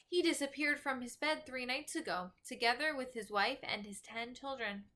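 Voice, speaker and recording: A woman's voice: sits high, normal speed, sharp tone, pitched above the performer's own voice. A woman voicing a male sultan in a storybook, matter-of-fact.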